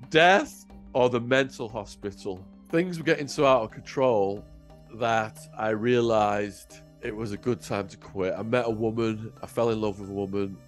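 An English man, a guest on an interview show, telling his own story in a vivid, dramatic way. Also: fairly low pitch. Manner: vivid, acts out voices.

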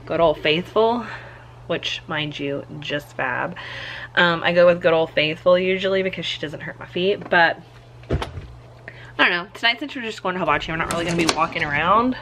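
In a mid-range, somewhat bright voice, a young woman vlogs casually from home into a handheld camera, a slight hiss or hum audible. She rambles, says "like" a lot, and gets out of breath at times.

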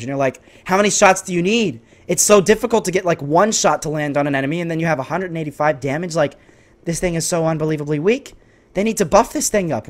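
A young man giving excitable, frustrated commentary over his own gameplay, yelling and trash-talking opponents. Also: on the high side. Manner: sarcastic trash talk. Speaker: gaming YouTuber.

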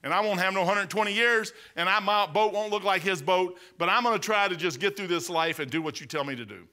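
A man's voice: high voice, a little fast, pushed and bright. A man with a Midwestern American accent, preaching a sermon as pastor in a folksy, emphatic way full of rhetorical questions.

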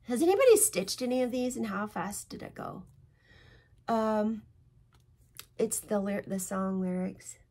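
Her voice is mid-range and mellow, animated yet unhurried, with long pauses. As a flosstube host, she walks through her stitching projects at home in a chatty, rambling, emotional show-and-tell.

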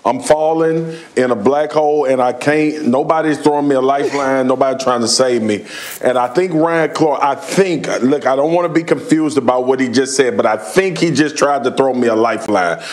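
A man's voice: medium pitch, normal speed. A man talking as a studio sports analyst, playfully melodramatic and conversational.

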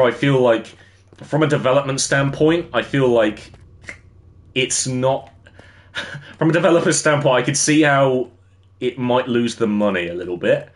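A young English man chatting casually on a gaming livestream, rambling and answering his chat as he plays. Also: mid-range voice. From England. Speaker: streamer.

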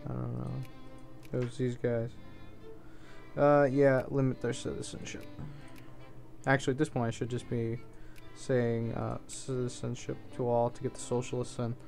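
A man's voice: mid-range voice, flat delivery, moderate pace, creaky, long pauses, a little mellow, faint music behind. A man giving casual gameplay commentary, thinking aloud in an offhand way and swearing now and then. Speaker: let's play host.

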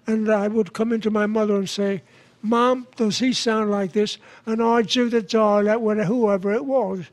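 An older man as a guest, telling anecdotes in a halting way with frequent restarts and chuckles. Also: high voice, steady tone. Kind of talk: anecdotal interview chat.

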